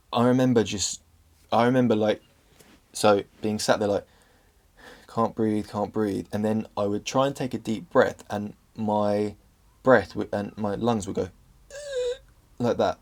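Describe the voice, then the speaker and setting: A man's voice: fairly low pitch, vocal fry. A young English man telling a personal story to camera in an earnest, open way, now and then tripping over his words. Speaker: vlogger.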